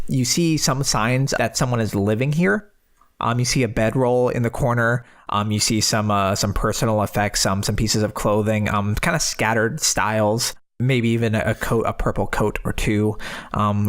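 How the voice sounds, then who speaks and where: A man's voice: fairly low pitch, fairly even intonation, moderate pace. A man running a tabletop game as game master, narrating scenes with frequent ums and restarts. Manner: hesitant, lots of ums and restarts.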